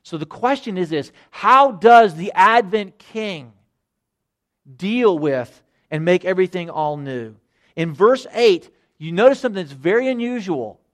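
A man's voice: high voice, animated, unhurried. Earnest middle-aged male pastor preaching. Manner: earnest, repeats phrases, swings from loud emphasis to hushed. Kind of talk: sermon.

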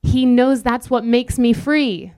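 A young woman preaching a sermon in an earnest, conversational way with quick asides. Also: on the high side, a little mellow, no room sound.

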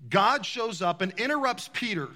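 A high, bright male voice preaching, throwing questions out to his congregation. The hall behind him rings with a long reverb. His delivery is animated and direct. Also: normal speed. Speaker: pastor. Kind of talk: sermon. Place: large church hall.

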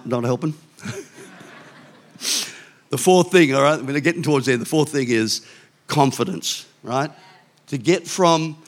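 An older man, a pastor preaching a sermon in a chatty, conversational way with quick asides and restarts. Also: medium pitch.

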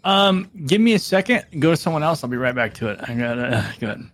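A man's voice: medium pitch, sing-song, fast talker, fairly bright tone. A man co-hosting a podcast over a call, playful and joking. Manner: playful, talks to his dog in silly voices. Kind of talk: crude casual banter.

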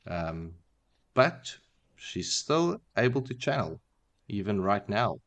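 A man hosting a podcast, casually retelling a book chapter in a relaxed, wry way with many fillers. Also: lowish voice, slow. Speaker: podcast host.

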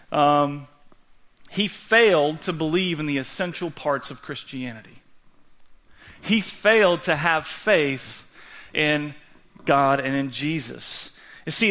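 Guy preaching, bright kinda high voice, chatty, says man a lot, reads verses slow and soft. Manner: casual, conversational preaching with slang; reads scripture slowly and softly. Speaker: pastor. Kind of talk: sermon.

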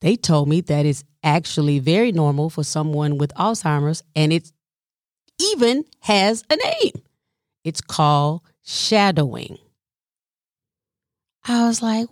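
Dry, lower-voiced woman telling a story. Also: takes it slowly, long pauses, no room sound. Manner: animated, colloquial, dropping into whispers for effect. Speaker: family caregiver. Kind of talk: personal storytelling monologue.

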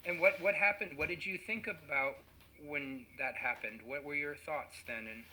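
A man interviewing a guest, asking gentle questions and often repeating words as he starts. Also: a little high, normal speed, a little hiss or hum, rough recording.

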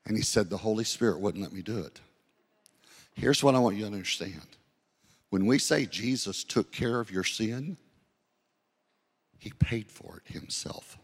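A man's voice: on the low side, lively intonation, slightly rough. Preaching man in a reverberant church. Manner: storytelling, slows down to read scripture. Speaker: pastor. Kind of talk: sermon. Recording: long hall reverb.

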